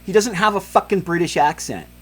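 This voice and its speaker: A heated, foul-mouthed man hosts a podcast with a somewhat high voice. He rambles through angry commentary, full of swearing and filler words. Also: animated, fairly quick, a bit bright, husky. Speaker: podcast host.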